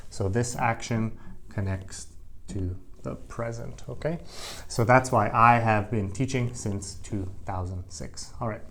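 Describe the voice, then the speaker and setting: A man's voice: medium pitch, a little mellow. A middle-aged man teaching English grammar to camera, explaining patiently and repeating key phrases.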